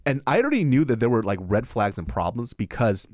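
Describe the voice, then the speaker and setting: A young adult man co-hosting a podcast, telling a story in a casual, profane way and jumping high in pitch when quoting people. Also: a little fast, no echo, clean studio sound. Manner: animated, profane, jumps high into mimicked quotes. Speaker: podcast co-host and stand-up comic.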